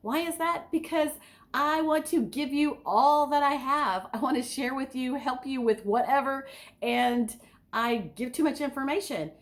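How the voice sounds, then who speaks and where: A woman's voice: high voice, a little slow. An enthusiastic woman giving an instructional talk as a speaking coach, asking her listeners direct questions. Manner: enthusiastic, sometimes overly excited.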